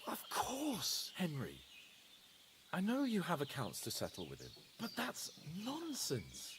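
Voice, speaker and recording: A cocky young noble in a game, voice swings all over, pretty high, faint outdoor birds behind. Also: male voice, slow, a little hiss or hum, exaggerated voice. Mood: incredulous. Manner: animated, shifting between solemn and scoffing. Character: young nobleman lord, brash and lively. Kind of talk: game voice acting.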